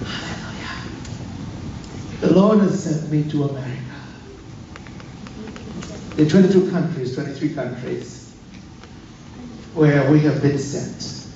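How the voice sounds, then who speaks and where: Preacher man from africa telling stories, slightly high voice, really echoey church, far off and muffled. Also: a little slow, pauses often, noisy background. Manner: animated, acting out dialogue with swooping pitch. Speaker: guest preacher. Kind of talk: sermon storytelling. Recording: echoey church hall, distant dull mic.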